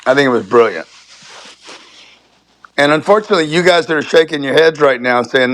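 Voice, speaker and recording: A man's voice: medium pitch, a little fast, a bit bright, no room sound. Emphatic, profane man on a call. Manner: emphatic, profane, repeats himself for stress. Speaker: guest on a live talk show. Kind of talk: heated casual debate. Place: remote call from a resort.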